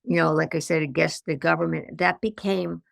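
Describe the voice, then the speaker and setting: An older woman tells her story as a podcast guest, slipping into the voices of the people she quotes. Her voice is low and heavily gravelly with lots of fry. The sound is close and dry, with no room around it. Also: moderate pace, dry recording. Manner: animated anecdotes with acted-out quotes. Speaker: guest, stress management consultant.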